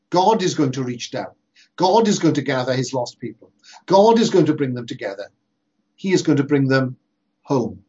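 A man preaching a sermon in an earnest, emphatic way, slowing down to stress repeated phrases. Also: medium pitch, a little mellow, slightly rough. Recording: dull lo-fi sermon recording.

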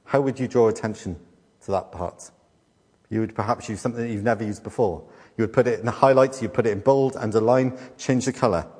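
A middle-aged man preaching a sermon as a pastor. He teaches with rhetorical questions and deliberate repetition. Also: lowish voice, darkish tone. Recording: long hall reverb.

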